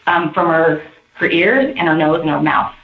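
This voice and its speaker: A woman in a police interview, telling her story in a rambling, animated way. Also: sits low, moderate pace. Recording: muffled roomy interview tape.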